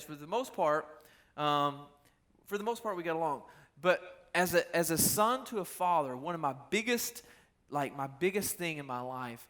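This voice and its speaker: A young man giving a casual, animated youth sermon, telling stories and asking the listeners questions. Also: fairly high pitch. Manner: animated storytelling, talks straight to the crowd. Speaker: youth pastor.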